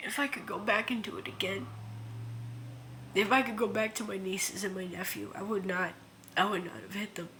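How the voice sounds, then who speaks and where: A woman speaking an earnest, emotional confessional monologue into her phone, halting and repeating herself, near tears. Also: mid-range voice, steady tone, bright, forceful tone, a little hiss or hum. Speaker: vlogger.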